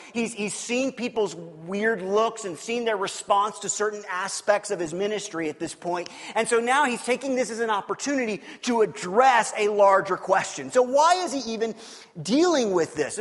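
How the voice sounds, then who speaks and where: A man's voice: high-pitched, a bit bright. A man giving conversational Bible teaching as a pastor, talking informally, restarting and repeating words and checking in with his listeners. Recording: long reverb from a large room.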